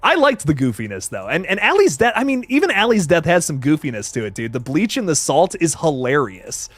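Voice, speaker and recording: Reviewing horror movies on a livestream, a young man talks a little fast with excitable, foul-mouthed energy, reading chat comments aloud and reacting as he goes. His voice is a bit high with wide pitch swings, captured dry and close with no room sound.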